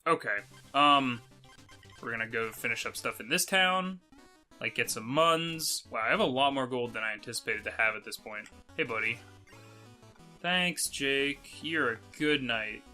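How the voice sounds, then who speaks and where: A man's voice: medium pitch, expressive, normal speed, sharp tone, faint music behind. A man hosting a let's play, giving casual gameplay commentary in a rambling way with many fillers and casual swearing.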